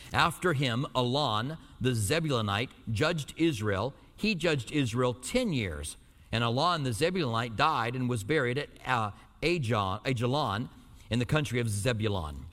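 A man preaching verse by verse, reading scripture at a measured pace before easing into relaxed, lightly humorous explanation. His voice sits at an ordinary pitch for a man and carries the long reverb of a large hall. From Albuquerque, New Mexico. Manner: reads scripture slowly, then explains in a conversational, lightly joking aside. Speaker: pastor. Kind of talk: verse-by-verse sermon. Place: church in Tucson.

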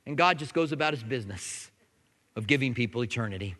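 A man pastor preaching a sermon in a conversational way, at times dropping to soft, intense tones. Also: medium pitch, expressive, fast, long reverb tail.

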